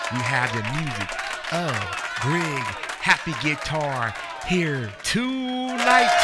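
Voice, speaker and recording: Host-comedian, man, lively pitch, unhurried delivery, audience laughing in the room. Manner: animated storytelling, slows down for punchlines. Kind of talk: stand-up comedy routine to a live audience. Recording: crowd and room noise.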